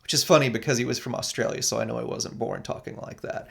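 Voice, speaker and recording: A philosophy lecturer giving an animated recorded lecture, explaining step by step and often checking in with "right?". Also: mid-range voice, fast talker, vocal fry.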